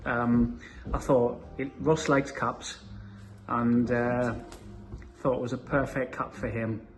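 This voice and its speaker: Chatty man vlogging from his car. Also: medium pitch. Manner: chatty, upbeat, loose with fillers. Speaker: entrepreneur vlogging his business trip. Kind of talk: casual vlog talk to camera. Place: in his car and outdoors on a windy coast. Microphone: camera mic without his clip-on microphone.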